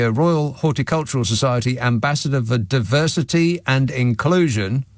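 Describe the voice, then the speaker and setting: A man with a mid-range voice hosts a radio phone-in from a studio microphone, delivering a dry, sardonic talk-radio monologue. There's no echo.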